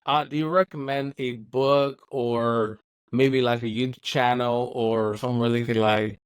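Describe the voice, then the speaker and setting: Man, interview host, smooth clear voice, dry close sound, easygoing. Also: mid-range voice, a little slow, no echo. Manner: relaxed and affirming, many fillers. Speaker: podcast host. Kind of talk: casual interview chat.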